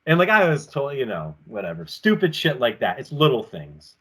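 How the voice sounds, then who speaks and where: Male wrestler guest, mid-range voice, animated rambling storyteller, remote call from home. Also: medium pitch, brisk, husky. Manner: rambling and animated, acting out quotes. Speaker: professional wrestler, podcast guest. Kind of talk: casual storytelling in an interview. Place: home apartment with collectibles shelves.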